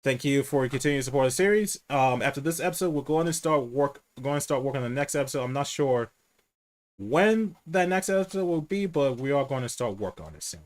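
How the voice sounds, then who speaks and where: A man hosting a casual livestream chat, candid and profane, who says he speaks low and rambles with restarts. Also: lively intonation, brisk.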